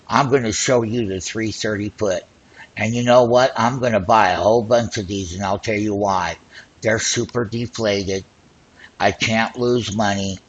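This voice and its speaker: A man hosting an options trading show, talking excitedly and boastfully as he walks through call and put charts. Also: lowish voice, muffled recording. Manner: excited, boastful, hype-driven patter. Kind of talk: screen-share trading commentary.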